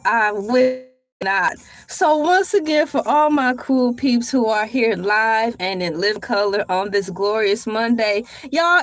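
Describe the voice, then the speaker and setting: Woman host for a casual live chat, high-pitched and theatrical, with a soft music bed underneath. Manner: animated and dramatic, bursts into shouts and laughter. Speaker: livestream host.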